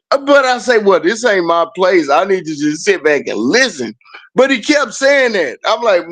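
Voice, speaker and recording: A man's voice: sits high, big pitch swings, unhurried, fairly bright tone. A man hosting a casual chat, telling stories animatedly and laughing often.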